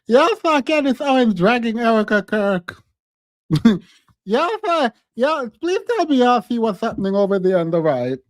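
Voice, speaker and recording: A man's voice: very high-pitched, very animated, moderate pace, no echo, clean studio sound. A man hosting a live stream, chatting casually and laughing often between his points. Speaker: streamer and commentator.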